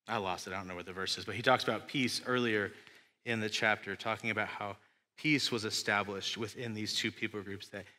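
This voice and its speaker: A young West Texan pastor preaches a sermon in a church sanctuary, his lowish voice steady, brisk, pushed, and bright. He keeps it casual and chatty with asides to the congregation, and the recording has the long reverb of a church hall.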